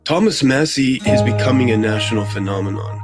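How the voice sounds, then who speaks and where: A man's voice: mid-range voice, expressive, a little fast, loud music behind the voice. Earnest man giving political commentary.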